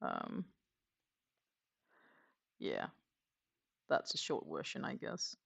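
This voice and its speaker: A woman hosting a crochet livestream, chatting in a relaxed, rambling way while she works. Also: extremely low pitch, drawn-out words, gravelly. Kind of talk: casual livestream chat.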